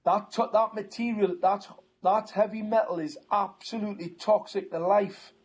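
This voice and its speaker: A man's voice: high-pitched, fairly even intonation, normal speed, breathy edge. A man with a Geordie accent, talking insistently on a chat show and repeating words when he gets going. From North East England. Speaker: guest. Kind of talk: conversational talk-show chat.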